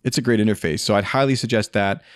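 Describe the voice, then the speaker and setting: A man's voice: on the low side, fast talker, no room sound. A man hosting a podcast, giving casual, rambling advice with many fillers and restarts into a studio microphone. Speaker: podcast host answering a listener question.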